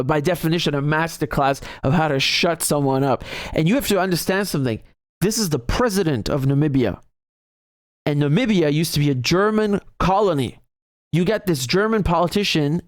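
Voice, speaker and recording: A man's voice: on the high side, no room sound, studio quality. A man giving heated, emphatic political commentary on a video clip, laughing often. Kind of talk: reaction commentary.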